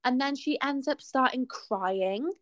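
A woman's voice: sits high, a little slow, no echo. A young woman co-hosting a podcast, telling a story in casual chat full of "like" fillers. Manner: chatty storytelling, many "like" fillers. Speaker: podcast co-host.

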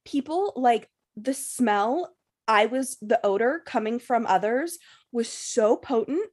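A young woman with a slightly high voice rattles through a story in casual podcast chat. She swears constantly and packs "like" into nearly every phrase. She tells it as a run of breathless, jumbled clauses. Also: lively intonation, slow, darkish tone. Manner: profane, breathless storytelling full of "like" fillers.

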